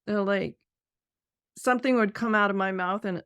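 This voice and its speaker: A middle-aged woman hosts a podcast interview, asking chatty, reflective questions in a mid-range, fairly bright voice with fairly even intonation and a moderate pace. The recording is studio quality with no echo.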